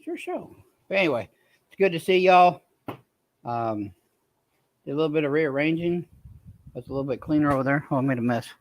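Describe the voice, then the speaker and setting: A man's voice: on the high side, a little fast, long pauses, a little hiss or hum. A man hosting a casual livestream chat, greeting viewers by name, tired and in pain. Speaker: livestream host.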